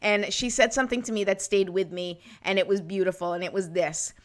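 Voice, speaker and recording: A woman's voice: mid-range voice, fairly even intonation, fairly quick. Encouraging woman hosting a wellness talk. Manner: warm, encouraging, conversational with frequent "right?" and "okay?". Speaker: host of a wellness livestream. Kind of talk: casual motivational talk to live viewers.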